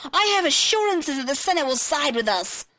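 A woman's voice: big pitch swings, normal speed, sharp tone, no echo, studio quality, exaggerated voice. A woman voicing a panicky, scheming male alien viceroy who shrieks and wails. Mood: wailing. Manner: shrill, wailing.

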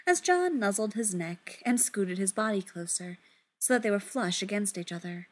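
A woman reading a story aloud in an unhurried, expressive way. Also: medium pitch. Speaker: audiobook reader. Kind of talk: fan fiction reading.

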